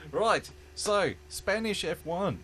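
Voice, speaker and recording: Joking, animated podcast host man. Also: sits high, a little hiss or hum. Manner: jokey, swears, laughs often. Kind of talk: casual chat.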